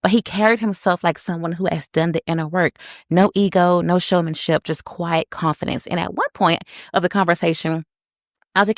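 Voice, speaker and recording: A woman hosting a podcast, telling a personal story in an animated way and talking straight to her listeners. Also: on the low side, a little fast, no echo, clean studio sound. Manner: animated, addresses listeners as y'all. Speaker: podcast host.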